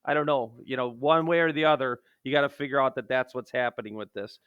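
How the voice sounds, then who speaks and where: A man's voice: mid-range voice, fairly even intonation, fast, clean tone, no echo, narrow, tinny audio. A man, a math teacher, talking through a geometry lesson in a joking, self-deprecating way, swinging from playful outbursts to muttered asides.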